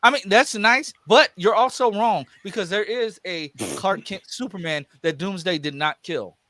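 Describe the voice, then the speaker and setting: Bright, high-voiced young guy chatting. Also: moderate pace. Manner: animated, repeats words when starting sentences. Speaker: stream co-host. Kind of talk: casual chat.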